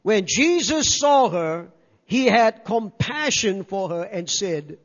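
Older male preacher, high voice, reverberant hall. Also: lively intonation, slow pace. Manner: emphatic, repeats key words, calls for amens. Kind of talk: sermon. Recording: reverberant dull hall sound.

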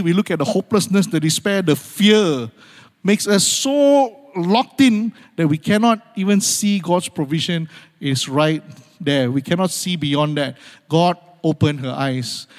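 A man delivers a sermon in a slightly high voice that carries a long reverb through a large hall. He moves between urgent, rising appeals and quiet, hushed moments, repeating key phrases and calling out amen. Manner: dramatic swings from loud urgency to hushed near-whispers. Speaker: pastor.

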